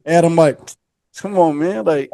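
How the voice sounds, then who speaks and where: A man's voice: on the high side, unhurried, creaky, dark tone, dry recording. A man telling a long story casually on a podcast, acting out the voices and laughing often.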